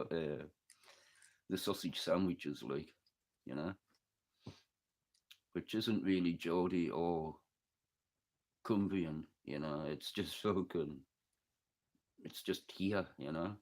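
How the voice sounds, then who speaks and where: A man's voice: deep voice, takes it slowly, long pauses, darkish tone. A man with a northeast English accent chatting casually with his live audience, joking and swearing as he rambles between topics. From northeast England. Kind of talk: casual chat reading live comments.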